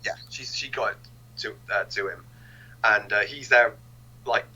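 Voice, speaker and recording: Bright, husky-voiced podcast co-host. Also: male voice, on the low side, a little slow, dull audio. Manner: hesitant, repeats words while recalling scenes. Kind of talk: casual film review chat.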